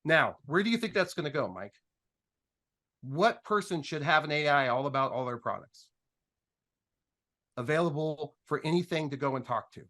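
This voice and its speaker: A man's voice: a little high, normal speed, pauses often. A man telling a business story on a panel in a casual, joking way, acting out both sides of conversations, with frequent restarts. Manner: animated, joking, acts out dialogue with restarts.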